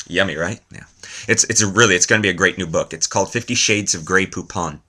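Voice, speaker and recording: A man's voice: sits low, fast, pushed and bright. A man vlogging a rambling comedy monologue, tossing out one-liners and self-mocking asides.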